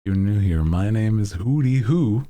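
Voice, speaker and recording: Deep-voiced man in rambling stream chat. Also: expressive, normal speed, dark tone. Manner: rambling, laughs often. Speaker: VTuber streamer.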